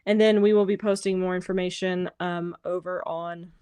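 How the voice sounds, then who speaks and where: A woman's voice: lowish voice, fairly even intonation, normal speed, dark tone, clear, resonant tone. A woman in her thirties hosting a book club video chat, friendly and chatty. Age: 30s.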